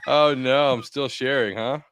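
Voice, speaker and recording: A man's voice: medium pitch, steady tone, unhurried, a bit bright, clear, resonant tone, dry recording, studio quality. A man co-hosting a real estate podcast, giving direct, matter-of-fact advice and laughing easily. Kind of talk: casual chat and advice.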